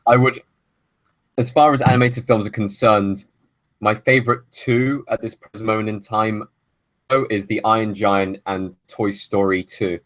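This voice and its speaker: A man's voice: lowish voice, steady tone, normal speed, a bit bright, dry recording. A man hosting a film podcast, making long opinionated arguments in casual chat. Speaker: podcast host.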